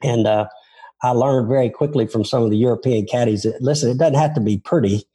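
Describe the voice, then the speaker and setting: A man's voice: mid-range voice, a little fast, dark tone, breathy edge. An older man from Tennessee with a Southern accent, telling rambling, self-deprecating stories about his golf career in an interview. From Memphis, Tennessee. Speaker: former touring golf pro, interviewee. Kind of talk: casual interview storytelling.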